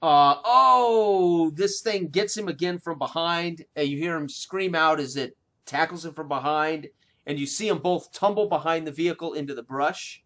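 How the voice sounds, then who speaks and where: A man's voice: on the high side, moderate pace, fairly bright tone. A man narrating as game master of a tabletop game, hesitant, with many fillers and restarts.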